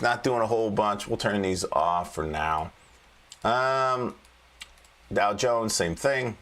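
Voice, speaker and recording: A man with a lowish, slightly bright voice hosts a casual livestream about stock charts. He's a trading coach, and his delivery is folksy and joking, with frequent restarts.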